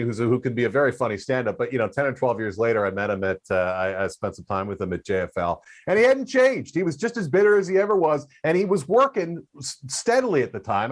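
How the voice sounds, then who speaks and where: A man hosting a podcast, chatting in a relaxed way with lots of fillers. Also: mid-range voice. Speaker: podcast host. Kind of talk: casual interview chat.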